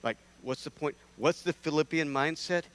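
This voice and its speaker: A man from North Carolina, preaching a conversational sermon in a church, lively and prone to restarting his sentences. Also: on the high side, normal speed. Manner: animated, conversational, with repeated restarts.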